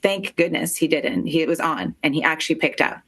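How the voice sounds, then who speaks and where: A woman telling a painful personal story as an interview guest, halting and emotional, with many filler words. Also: low voice, sing-song, fairly bright tone, slightly rough.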